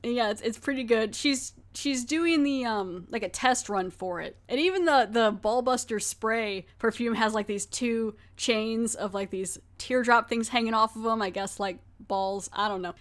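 A woman's voice: fairly high pitch, normal speed, hardly any pauses. Podcast host, woman, chatty recap voice, loose and filler-heavy. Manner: chatty, laughing, many fillers. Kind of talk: casual episode recap.

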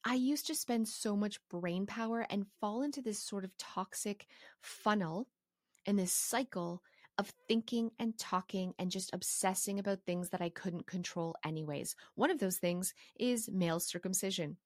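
A passionate woman from Canada talks through her personal rules with animated energy and quick asides. Her voice sits in a middle register and is recorded close and dry, with no room sound. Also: medium pitch, no room sound. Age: adult with a young son. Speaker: organizing course creator. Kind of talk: casual advice monologue.

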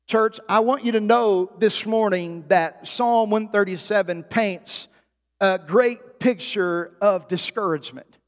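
A man's voice: high voice, unhurried, in a large hall. A man preaching a sermon as pastor, telling stories and building to emphatic peaks. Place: church sanctuary.

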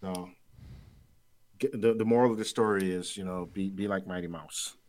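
A man's voice: sits low, steady tone, normal speed, darkish tone. A man being interviewed, telling a trading story in a rambling, casual way, repeating words and laughing easily. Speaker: trader guest.

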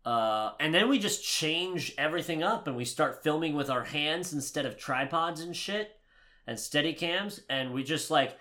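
A man co-hosting a casual movie review podcast, ranting with lots of swearing, swinging from heated shouting to low muttering. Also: expressive, moderate pace. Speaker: podcast co-host.

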